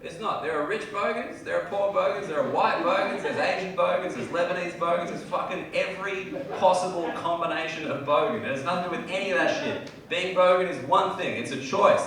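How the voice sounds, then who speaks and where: A young Australian man doing a stand-up set in a comedy club, brash and sweary, going from shouted bits to low, mumbled asides. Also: fairly quick, few pauses, far from the mic, a crowd in the background. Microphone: handheld stage mic. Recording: echoey club, heard from afar, loud audience noise.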